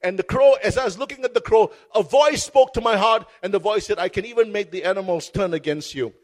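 A man with a high voice preaches from a stage. He tells his story with fervor and drives his points home by repeating phrases. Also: brisk, a little mellow. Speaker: pastor. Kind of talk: sermon. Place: stage before a congregation.

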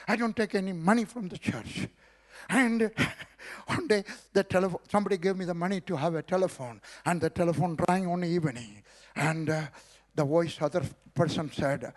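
An older Indian preacher man with a high-pitched voice and an Indian English accent. He delivers his sermon in rhythmic, repeated phrases, building up with calls of hallelujah. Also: moderate pace. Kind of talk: sermon with personal testimony.

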